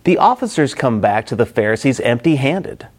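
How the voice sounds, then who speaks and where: A man's voice: medium pitch, sing-song, moderate pace. A middle-aged man preaching a Bible-study sermon, acting out the quoted characters expressively.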